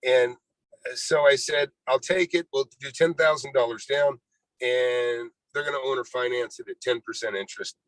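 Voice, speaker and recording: A rambling man in his sixties tells his story as a real estate investor guest in a storytelling interview, often saying "you know" and acting out quoted dialogue. He speaks at medium pitch and moderate pace. The audio is poor, with no room sound.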